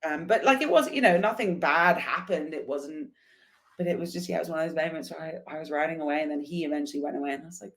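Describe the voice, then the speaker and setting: A woman guest telling a lively, casual story and acting out the dialogue. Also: deep voice, fast talker. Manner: animated, acts out dialogue in anecdotes. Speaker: guest, motorcycle traveler.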